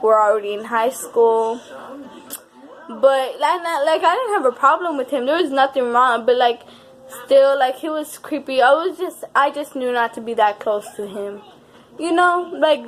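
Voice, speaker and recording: A young woman vlogger telling a personal story in a casual, animated way, with lots of swearing and repeated words for emphasis. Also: on the high side.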